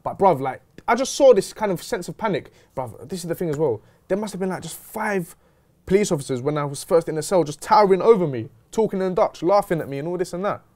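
A young man telling a story in casual chat, slangy and animated. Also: sits high, quick pace. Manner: animated, slangy, retelling with quoted dialogue. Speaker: host.

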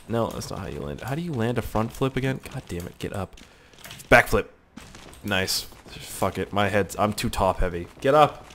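A young man giving joking, excitable let's-play commentary as a gaming YouTuber, swearing a lot as he goes. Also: on the low side, normal speed, slight background noise.

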